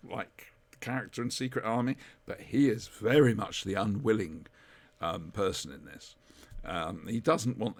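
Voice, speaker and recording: A man's voice: lowish voice, gravelly. A man chatting on a podcast, rambling and correcting himself as he enthuses about old TV comedy. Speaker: podcast co-host. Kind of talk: casual chat reviewing TV comedy.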